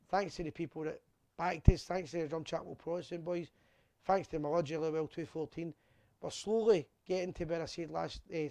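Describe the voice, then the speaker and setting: A man's voice: fairly high pitch, creaky, no echo. A Scottish man hosting a fan live show, chatting casually and reading out viewers' messages while a bit drunk. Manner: chatty, rambling, shouts out viewers by name.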